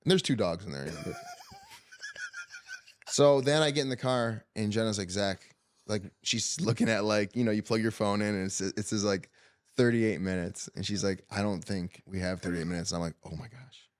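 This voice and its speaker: Animated man telling a story on a podcast. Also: fairly low pitch, normal speed, no room sound, studio quality. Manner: animated, swearing, acts out quotes. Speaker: podcast host. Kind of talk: casual storytelling chat.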